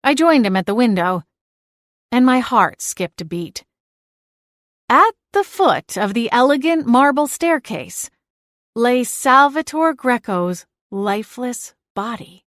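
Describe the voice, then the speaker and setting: A woman narrating a first-person audiobook in a lively, expressive way. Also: fairly high pitch, takes it slowly, dry recording, studio quality.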